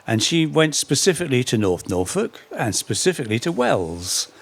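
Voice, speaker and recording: Lively middle-aged man telling stories. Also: medium pitch, moderate pace, vocal fry. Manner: lively storyteller with dry humour and self-corrections. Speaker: speaker giving a public talk. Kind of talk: anecdotal lecture on local folk history.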